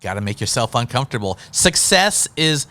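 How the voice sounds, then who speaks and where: A male host in a casual interview chat who tells stories in an animated way, acting out little scenes as he goes. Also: medium pitch, a little fast. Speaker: podcast host.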